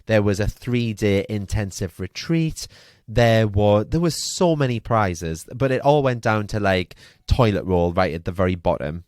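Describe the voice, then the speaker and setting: Guy rambling through a story on his podcast, kinda low voice, lots of likes and ums, super dry mic. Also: unhurried, no room sound. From Newcastle, UK. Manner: chatty, animated, lots of fillers and swearing. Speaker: podcast host. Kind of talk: casual storytelling monologue.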